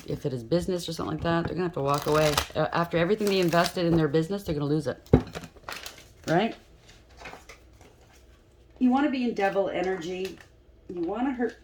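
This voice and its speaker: A mid-pitched tarot reader talks straight to the listener in a blunt, emphatic way. The delivery is loose and spontaneous, full of restarts and quick "okay?" check-ins. Faint card shuffling and low noise sit in the background. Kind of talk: tarot reading to camera.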